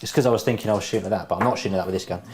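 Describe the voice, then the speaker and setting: Low-voiced man thinking aloud. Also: very fast, darkish tone, slight background noise. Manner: thinking aloud, hesitant, mumbling. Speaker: tabletop game player. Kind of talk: casual game talk.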